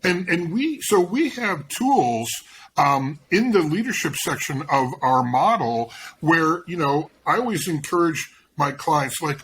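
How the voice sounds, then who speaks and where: A man's voice: a little high, lively intonation, measured pace, fairly bright tone, slight background noise, poor audio. A man speaking as a guest on an interview, rambling with many restarts as he explains his coaching approach. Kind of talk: casual interview conversation.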